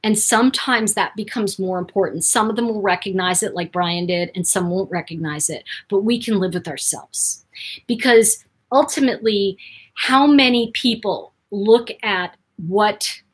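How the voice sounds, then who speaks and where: Woman vlogger telling a story to camera, kinda husky, goes loud then drops to a whisper. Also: mid-range voice, normal speed. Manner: animated, swings between loud outbursts and near-whispers. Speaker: host.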